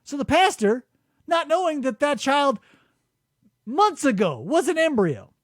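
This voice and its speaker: High-voiced guy rambling through a funny story, bouncy and animated, dry studio sound. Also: no room sound. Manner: animated, jumps into quick voices and laughs a lot. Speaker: podcast host. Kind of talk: casual comedic storytelling. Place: radio studio.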